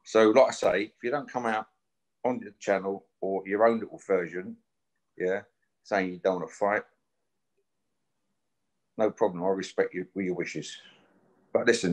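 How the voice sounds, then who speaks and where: A man's voice: low voice, husky. Man, fifties, blunt, swearing, confrontational. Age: 50s. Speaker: guest. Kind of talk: casual chat.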